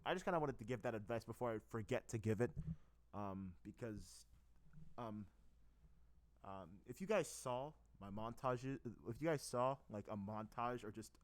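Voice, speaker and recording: A man's voice: on the low side, a little mellow. A young man casually explaining his plans, hesitant, with many fillers, restarts and tangents. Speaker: video creator explaining fan project plans. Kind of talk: casual rambling talk.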